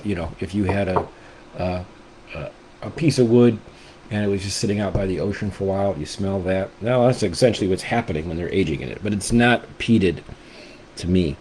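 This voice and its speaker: A man talks through a whisky tasting in a relaxed, rambling way, gushing with enthusiasm and often restarting his thoughts. His voice sits fairly low and has a warm, mellow tone. A faint hiss of noise runs under the recording. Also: poor audio. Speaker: whisky reviewer and channel host. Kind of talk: casual tasting review.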